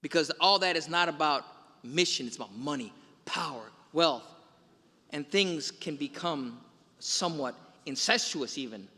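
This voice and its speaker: A male priest gives a Sunday homily, retelling film scenes with quoted lines. His voice is high and bright. It carries through a large church with a long reverb. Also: lively intonation, measured pace, breathy edge.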